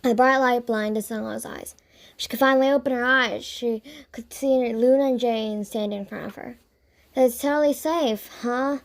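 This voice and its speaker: A woman narrating a children's audiobook in an expressive read-aloud manner. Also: a little high, normal speed, vocal fry.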